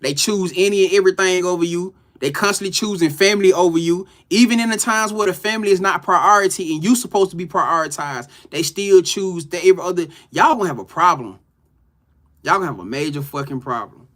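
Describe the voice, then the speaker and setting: Here a man with a high-pitched, slightly bright voice hosts an informal tarot reading on a live stream. His manner is loose and full of slang, and he keeps greeting chat viewers by name between frequent laughs.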